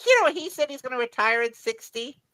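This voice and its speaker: High-pitched woman chatting away as a guest, keeps restarting, dry close sound. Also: sing-song, a little fast, fairly bright tone, no room sound, low-quality recording. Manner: chatty, repeats words and restarts often. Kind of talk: casual chat.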